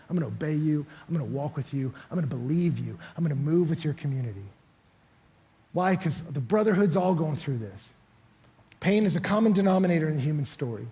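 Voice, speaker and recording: Middle-aged male pastor, preaches with animated storytelling, raised and slightly breathy voice. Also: high voice. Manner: animated storytelling, acting out voices with big swings in loudness. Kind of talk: sermon.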